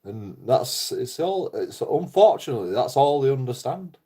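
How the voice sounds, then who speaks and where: An Englishman rambles on in a loose, unscripted monologue, cursing freely and laughing often. His voice sits at an ordinary pitch, with a darker, mellow tone. He comes across blunt and unpolished. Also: sing-song, normal speed, breathy edge. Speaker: YouTuber.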